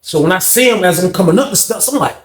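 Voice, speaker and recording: A man's voice: sits high, expressive, quick pace. A man casually telling a storytime tale in slang, animating it with acted-out dialogue. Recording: roomy echo.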